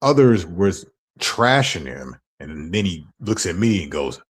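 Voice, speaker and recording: A man's voice: low voice, expressive, a little slow. A man ranting on his stream, heated and profane as he tells his side of a feud. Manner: angry, profane storytelling.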